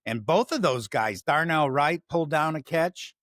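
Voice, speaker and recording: A man hosting a relaxed sports talk show in a Chicago accent rambles, swears, and interrupts himself constantly. His fairly high, expressive voice moves at normal speed with a slightly bright tone, in a clean studio recording with no room sound.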